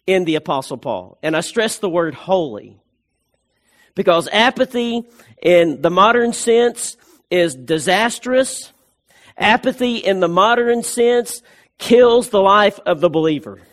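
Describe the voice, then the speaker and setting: A male pastor with a high-pitched voice, delivering a sermon. He presses his points hard, repeating phrases for emphasis and stumbling into restarts along the way. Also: animated, a little slow, a bit bright.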